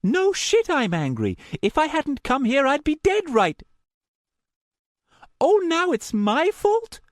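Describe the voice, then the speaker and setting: A man voicing a scared and angry young woman on the phone, keeping her voice low and barely held back. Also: wildly swooping pitch, very slow, no room sound, studio quality, heavily acted.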